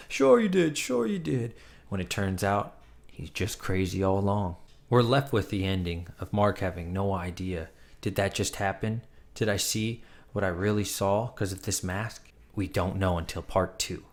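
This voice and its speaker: A man casually reviewing a comic book, retelling the plot with enthusiastic, chatty energy. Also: on the low side.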